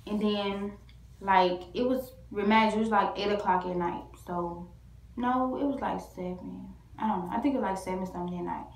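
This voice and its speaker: A woman's voice: medium pitch, moderate pace. Rambling woman vlogger in an echoey room. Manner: rambling, full of "like" and restarts. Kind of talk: casual storytelling to camera.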